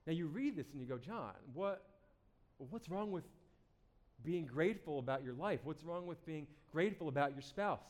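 A man preaching a sermon to a congregation, animated and playful, acting out the people he quotes and repeating words as he starts a thought. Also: fairly high pitch. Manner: animated, acts out quoted voices. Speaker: pastor.

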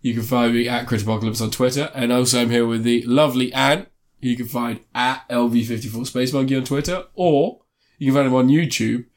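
A man hosting a casual film podcast. He talks in an excitable, joking way with lots of restarts. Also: mid-range voice, quick pace, few pauses. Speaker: podcast host. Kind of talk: casual chat.

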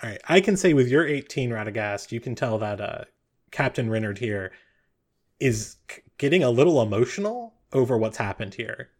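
A man's voice: mid-range voice, expressive, moderate pace. A man running a tabletop game as game master, narrating with many fillers and restarts. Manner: rambling, with frequent fillers.

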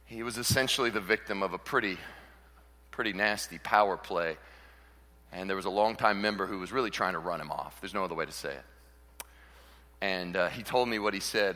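A man preaching a sermon as pastor, animated and theatrical, acting out quoted voices and swinging from quiet asides to shouts. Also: lowish voice. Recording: hall reverb.

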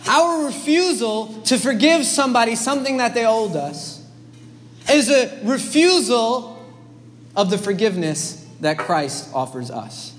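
A man's voice: very high-pitched, sing-song, measured pace. A man preaching a sermon, earnest and emphatic, with hesitant restarts. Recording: long hall reverb, faint background noise.

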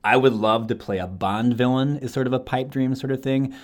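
A young adult man from Wisconsin, an actor talking about his career in an animated, relaxed interview. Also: medium pitch, fairly quick. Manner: animated, switches into playful accents. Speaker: actor, podcast guest.

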